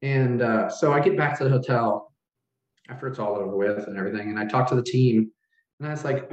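A middle-aged man, a hotel manager, telling a personal story in an interview, earnest and halting, close to tears. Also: mid-range voice. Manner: earnest, halting, with many restarts and fillers. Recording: roomy, dull lo-fi sound.

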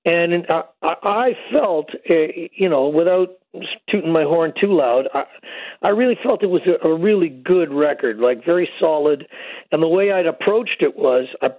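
A man's voice: fairly high pitch, dry recording. Older man rambling over a tinny phone. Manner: long rambling storytelling with many fillers. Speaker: guest musician. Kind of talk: casual interview over the phone.

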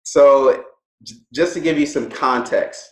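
A young man, a guest in a casual interview, telling his stories in a relaxed way and laughing often. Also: medium pitch, unhurried, reverberant, poor audio.

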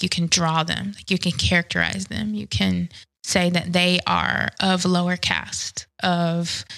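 A woman in an interview, speaking candidly and reflectively about her past, often pausing and restarting her sentences. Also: fairly low pitch, fairly bright tone, low-quality recording. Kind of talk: personal testimony interview.

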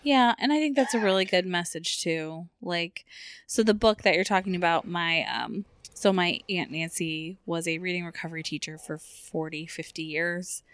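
A woman's voice: fairly low pitch, fairly bright tone, smooth, no echo. Chatty, easygoing woman in her forties. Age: 40s. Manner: chatty, easygoing, quick to laugh. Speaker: podcast co-host. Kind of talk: casual movie review chat.

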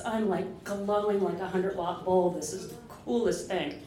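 A woman's voice: mid-range voice, steady tone, a little slow, hardly any pauses, darkish tone. A woman telling a candid, profane personal story on stage, laughing often. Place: stage under bright lights. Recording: echoey live venue with ambient noise.

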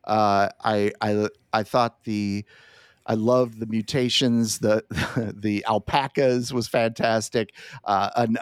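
A man's voice: on the low side, dry recording. A man co-hosting a movie podcast, gushing with enthusiasm about a film he loved. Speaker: podcast co-host. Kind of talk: casual movie review chat.

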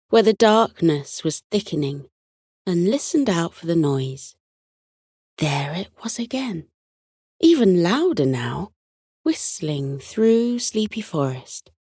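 A woman narrates a children's bedtime story at a slow, unhurried pace, her pitch gently rising and falling with the tale. The recording is close and dry, with no room sound. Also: no room sound. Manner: soothing, unhurried and expressive.

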